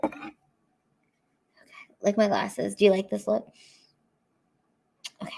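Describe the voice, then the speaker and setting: A woman's voice: mid-range voice, slow, creaky, mellow. A woman comedian chatting casually on a livestream from home into her camera mic, rambling with lots of fillers.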